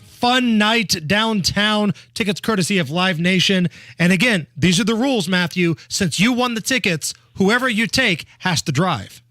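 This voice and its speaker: Lively high-voiced male radio host. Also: no echo. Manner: brisk, playful, laughs often. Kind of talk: morning talk radio banter. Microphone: studio microphone.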